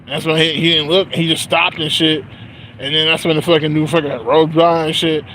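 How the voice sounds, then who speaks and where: A man's voice: a little high, level tone, brisk, sharp tone, slight background noise, poor audio. A man telling a story in a rambling, profane, casual rant full of filler phrases, speaking outdoors on a street. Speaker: vlogger.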